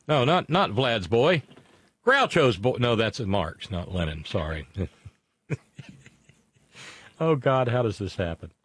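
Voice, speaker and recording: With no room sound, a show host's lowish voice carries a rambling, pun-heavy live broadcast. Reading viewer messages aloud, he stumbles and restarts as he jokes along.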